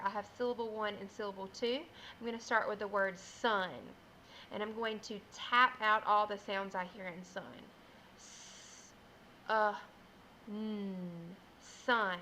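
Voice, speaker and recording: A woman teacher giving a first grade phonics lesson, explaining slowly and clearly and sounding out words. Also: mid-range voice, sharp tone, a little hiss or hum, low-quality recording.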